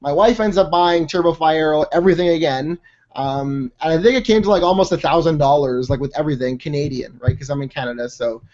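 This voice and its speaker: A man who works as a fitness coach, telling a personal story as a guest speaker on a team call in an energetic, chatty way with many fillers and mild slang. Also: on the high side, a little fast. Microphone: conference call line. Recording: dull lo-fi call audio.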